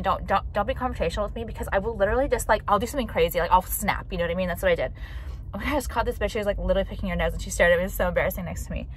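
A woman's voice: medium pitch, poor audio. A woman vlogging from inside her car, rambling and swearing as she rants about her day. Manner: profane, rambling, easily irritated. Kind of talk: rambling casual vlog rant. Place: inside a car while driving. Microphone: phone camera. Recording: loud car road noise.

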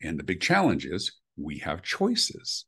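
A man's voice: deep voice, huge pitch swings, measured pace, bright, forceful tone, husky. A middle-aged man speaking intensely and emphatically as an interview guest on customer experience. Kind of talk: animated interview answers.

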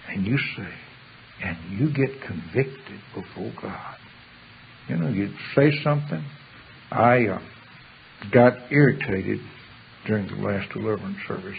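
Brief: male preacher, gravelly voice, reads verses then talks them through plainly, tinny lo-fi recording with faint hiss. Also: fairly low pitch. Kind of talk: sermon with scripture reading. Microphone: pulpit microphone.

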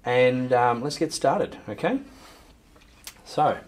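Speaking slowly in a mid-range voice, this music teacher leads a recorded percussion lesson with drums playing behind him. After counting in, he loudly calls the sticking patterns above the drumming, then patiently and calmly explains how it's done.

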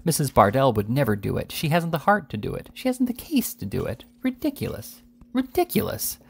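A man voicing an indignant, excitable elderly gentleman who declaims in outrage. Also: mid-range voice, a little fast, breathy edge.

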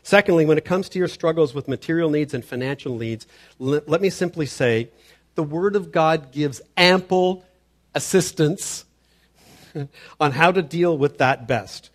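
Male pastor, sermon delivery, earnest, slightly high voice, stammers on openings. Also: a little slow. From Canada. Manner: earnest, stammers on word starts, acts out quoted voices.

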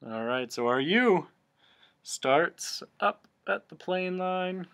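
A man's voice: high-pitched, expressive, slow pace, a bit bright. A man teaching a remote cursive handwriting lesson, explaining each stroke patiently, step by step.

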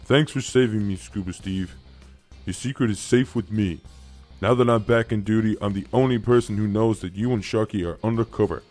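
A man voicing a grateful, reassuring male police chief in a game role-play, in a calm lowered voice. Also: a little fast, soft background music, natural voice.

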